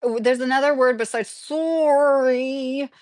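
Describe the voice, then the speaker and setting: A woman's voice: fairly high pitch, lively intonation, normal speed, dry recording. A woman in her thirties from Kentucky, chatting casually on a livestream and reading viewer comments, rambling and laughing often. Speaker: livestream host.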